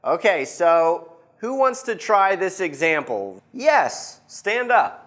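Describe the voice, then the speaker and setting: Slow, lively woman teaching. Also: fairly low pitch. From United States. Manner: slow, clear, drawn-out modelling of words. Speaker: English teacher. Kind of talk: classroom lesson.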